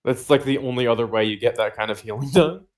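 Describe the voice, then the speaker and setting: A man's voice: mid-range voice, fast talker. A man co-hosting a casual podcast, rambling with lots of fillers and swearing, laughing often. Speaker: podcast co-host.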